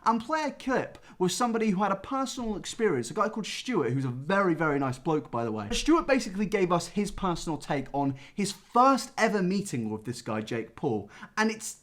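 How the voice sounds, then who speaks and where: Jokey man with lively pitch. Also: a little fast, hardly any pauses. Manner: self-mocking, jokey, sarcastic asides. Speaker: YouTube commentator. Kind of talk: comedic commentary vlog.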